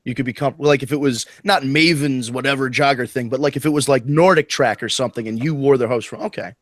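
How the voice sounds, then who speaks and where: A chatty podcast host, a man with a mid-range voice, fires off quick follow-up questions to his guest. His voice is close and dry, with no room sound. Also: mid-range voice, no room sound. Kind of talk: casual interview chat.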